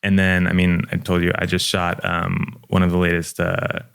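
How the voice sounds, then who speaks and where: A man's voice: deep voice, completely flat delivery, normal speed, creaky, fairly bright tone, smooth. A young man, a guest, chatting casually on a podcast in a laid-back, profane way full of fillers.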